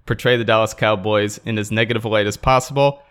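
A man's voice: fairly low pitch, fairly even intonation, fast talker, fairly bright tone, clean tone. A man co-hosting a casual podcast, teasing his co-host in a dry, mock-formal way.

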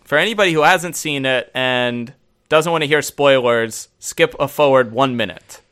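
A man co-hosting a casual chat, talking in an animated, rambling way with many fillers and frequent laughs. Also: medium pitch, moderate pace, clean tone. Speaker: podcast co-host.

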